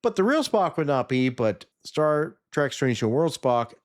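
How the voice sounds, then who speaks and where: A man casually recapping a TV episode, sarcastic and animated, sometimes mimicking the characters. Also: on the high side, unhurried. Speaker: TV episode reviewer.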